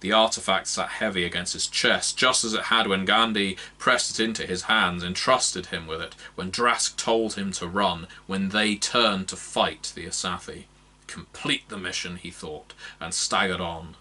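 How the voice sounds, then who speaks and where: A man narrating a fantasy novel aloud in a measured, expressive reading. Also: low voice. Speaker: audiobook narrator. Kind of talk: scripted narration.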